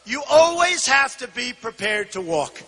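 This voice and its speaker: A man in his sixties giving an emphatic, repetitive campaign rally speech, often shouting. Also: very high voice, big pitch swings, unhurried, breathy edge, big-room sound. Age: 60s. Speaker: political candidate. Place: large indoor arena.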